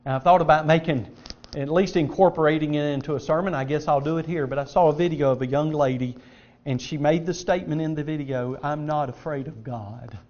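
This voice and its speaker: A man's voice: fairly high pitch, fairly even intonation, quick pace. A middle-aged man preaching an emphatic, earnest sermon, reading scripture aloud. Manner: earnest, emphatic preaching with varied loudness and pace. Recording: dull lo-fi sound.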